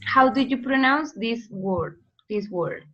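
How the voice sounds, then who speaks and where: A woman's voice: fairly high pitch, expressive, takes it slowly, muffled recording, background noise. A woman teaching an English class online, patiently correcting students and explaining grammar.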